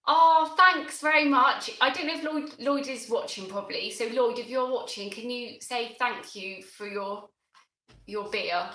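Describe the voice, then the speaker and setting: A flustered woman chats on a gardening live stream, bright and fairly high, her words tumbling with excited restarts. The roomy recording carries a clear echo around her voice. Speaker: gardening channel host.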